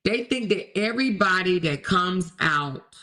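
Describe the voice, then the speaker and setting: A woman hosting a casual livestream commentary, animated and exclamatory, talking straight to her viewers and reading their comments aloud. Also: lowish voice, a little slow.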